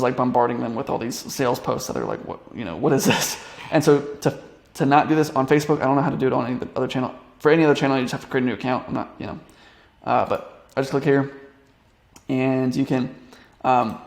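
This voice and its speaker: A man's voice: mid-range voice, vocal fry, roomy sound. A young man coaching online business, talking through a casual screen-share tutorial in a rambling way, with many fillers and restarts.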